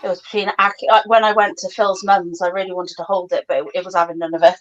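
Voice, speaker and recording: A woman chatting casually while showing her reptiles, often cooing softly to a lizard. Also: lowish voice, fast talker. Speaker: reptile keeper streaming her pets. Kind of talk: casual chat. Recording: dull lo-fi stream audio with faint noise.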